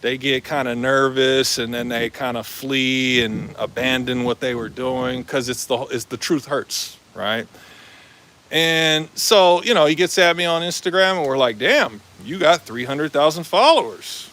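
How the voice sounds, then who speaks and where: A man with a bright, forceful voice rambles through a casual live-stream monologue. He talks loosely, full of fillers, restarts and slang. His pitch sits in a middle range for a man. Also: fairly even intonation, a little slow.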